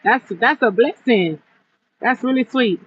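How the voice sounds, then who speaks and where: Over phone-quality sound with a bit of hiss or hum, a gift-basket vendor speaks unhurriedly in a fairly high voice. Out at her cold outdoor stall on a livestream, she chattily recounts a clash with a customer, quoting both sides.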